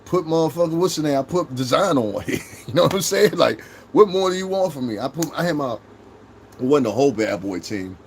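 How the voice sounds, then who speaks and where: A man's voice: fairly high pitch, lively intonation, fairly quick, slight background noise. A man with a New York accent in his thirties, hosting a casual livestream, brash and profane as he talks straight to his chat. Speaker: livestream host.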